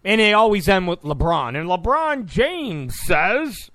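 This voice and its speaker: A man's voice: high-pitched, big pitch swings, unhurried, a bit bright, no echo. A man giving opinionated political talk commentary, combative and sarcastic toward his opponents. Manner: combative, mocks opponents in quoted voices.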